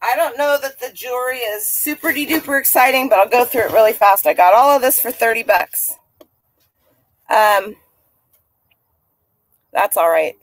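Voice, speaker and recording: A woman's voice: fairly high pitch, normal speed, long pauses, no room sound. A woman vlogging casually as a reseller, chatty and rambling as she shows her finds. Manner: chatty, rambling, talks to people and dog nearby. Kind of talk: casual chat.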